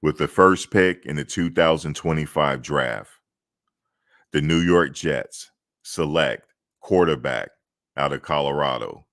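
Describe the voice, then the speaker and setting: A man playing a formal draft-night announcer, reading out the pick slowly and deliberately. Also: a bit bright, full character voice. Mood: announcing. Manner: slow, booming, deliberate.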